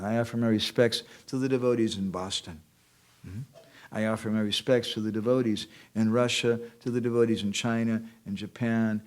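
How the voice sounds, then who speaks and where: A man giving a devotional class, translating verses line by line and checking in with the audience with short questions. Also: fairly low pitch. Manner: explains verses line by line, translating each one. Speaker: speaker at a temple class.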